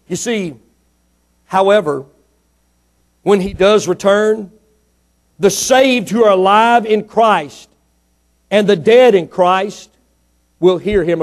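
High-voiced preacher man, swinging loud and low. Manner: swings from low asides to loud ringing declarations. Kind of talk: sermon.

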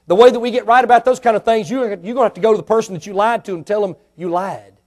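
A man's voice: high voice, rapid-fire. A man voicing God firmly explaining to a believer how to make a wrong right. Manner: firm, explaining. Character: God correcting a believer, male, firm.

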